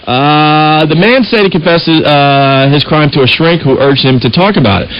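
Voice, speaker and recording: A man's voice: on the high side, lively intonation, moderate pace, hardly any pauses. A male talk radio host with a slightly raised voice, reading a news article aloud and breaking in with casual asides for his co-host. The sound is a bit dull, like an old broadcast recording.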